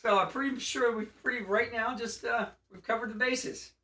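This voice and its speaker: A man co-hosting a casual gaming chat, recapping a game with animated storytelling and funny put-on character voices. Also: very high voice, normal speed, echoey room, distant mic. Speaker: podcast co-host.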